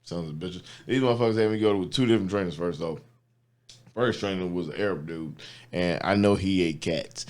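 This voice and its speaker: Comedian guest, male, lower pitch, swearing freely while acting out his story. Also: a little fast. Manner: profane, animated storytelling, acting out quoted people. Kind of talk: casual storytelling chat.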